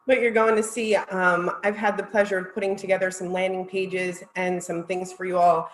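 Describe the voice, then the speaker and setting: A woman's voice: on the low side, little pitch movement, normal speed, echoey room, slight background noise, poor audio. A woman presenting at a virtual conference, heartfelt and close to tears as she thanks her audience. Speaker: marketing executive presenter.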